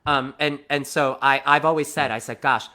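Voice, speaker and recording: A man being interviewed as a theater actor, telling animated anecdotes and often restarting his sentences. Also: fairly high pitch. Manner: animated, quick-talking anecdotes with many restarts. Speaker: guest, musical theater actor. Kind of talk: conversational interview storytelling.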